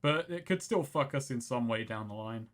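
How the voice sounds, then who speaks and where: A man's voice: mid-range voice, lively intonation, a bit bright. A man playing a tabletop role-playing game, chatting casually and correcting himself mid-thought. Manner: rambling, self-correcting, quick asides. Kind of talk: casual in-character table talk.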